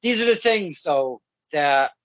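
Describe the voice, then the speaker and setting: Man host telling stories with a lively voice. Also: a little high, no echo, dull audio. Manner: storytelling, halting and searching for words. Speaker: podcast host. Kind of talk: casual podcast interview.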